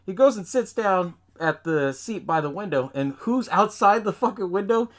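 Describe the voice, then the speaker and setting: A man's voice: high voice, lively intonation, normal speed. A man hosting a podcast, recapping a film in loose casual chat, swearing often, laughing and acting out lines from scenes. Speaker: podcast host.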